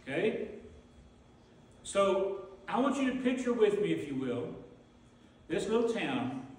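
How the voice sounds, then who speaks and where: A man preaching a sermon, telling the story vividly and asking his congregation questions. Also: high-pitched. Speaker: pastor. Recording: echoey hall from far off, faint noise.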